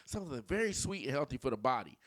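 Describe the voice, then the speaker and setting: A man's voice: mid-range voice, sing-song, fast talker, dry recording, clean studio sound. A man in his forties giving casual dating commentary, telling stories in slang and mimicking voices.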